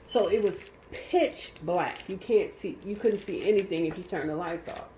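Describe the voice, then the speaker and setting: A woman's voice: lowish voice, normal speed, mellow, slight background noise. A woman recounting a personal story in casual conversation, vivid and emotional, acting out the quotes. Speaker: guest telling her story. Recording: roomy echo.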